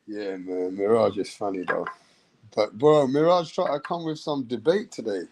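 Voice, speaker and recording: A man's voice: on the low side, normal speed, a little mellow, a little hiss or hum. Man hosting, goading and teasing. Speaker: show host. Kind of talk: casual live-stream chat.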